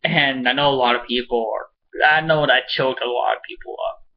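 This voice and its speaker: A man casually recapping a TV episode at home, excitable and swearing, rambling with lots of fillers. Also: mid-range voice, fairly quick, highs cut off, a little hiss or hum. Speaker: show reviewer. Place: home with a pet cat.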